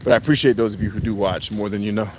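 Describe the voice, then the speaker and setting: A man's voice: lowish voice, fairly even intonation, racing, noisy background. A man hosting a live stream, chatting casually with viewers in a blunt, joking way, swearing freely and laughing often. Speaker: podcast host doing a live stream.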